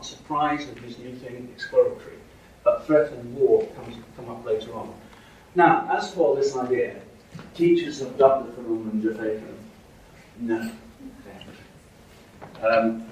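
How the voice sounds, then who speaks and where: A man's voice: medium pitch, slight background noise. A middle-aged man giving a university linguistics lecture, hesitant, with many ums and restarts. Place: lecture hall. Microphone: room mic from a distance. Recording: echoey hall from far off.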